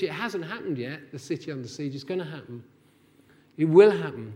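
A man preaching a sermon, impassioned and building to forceful, near-shouted peaks. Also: medium pitch, expressive, a little fast, in a large hall. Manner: impassioned, rising to near-shouts when voicing God's anger.

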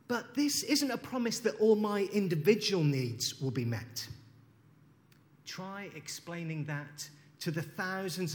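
A man delivers a sermon in a measured, unhurried way, reading scripture aloud and reflecting on it. His voice sits on the higher side, and a long reverb trails his words around a large hall. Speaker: preacher.

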